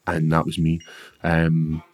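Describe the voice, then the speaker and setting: A Scottish man in his thirties with a very low, deep voice. He is a professional fighter and talks about his life bluntly and plainly, with casual swearing, in a sit-down interview. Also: monotone, slow pace. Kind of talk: candid storytelling in conversation.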